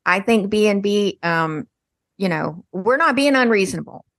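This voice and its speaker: A woman's voice: medium pitch, expressive, normal speed, fairly bright tone, no room sound. Laughing woman co-host, dry close sound. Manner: laughs often, storytelling. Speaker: podcast co-host. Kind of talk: casual chat.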